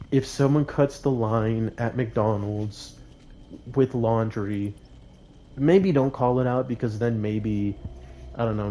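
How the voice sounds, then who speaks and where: A young man tells a story live on stream in a relaxed, mellow voice. He talks casually and rambles, stacking up repeated lines to stress how wronged he feels. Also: mid-range voice. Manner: indignant, rambling, repeats himself for emphasis.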